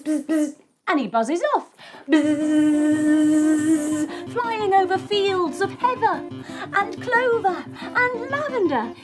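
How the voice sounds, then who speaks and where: A woman leading a children's yoga lesson as a story, playful and encouraging. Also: high voice. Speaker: kids' yoga teacher.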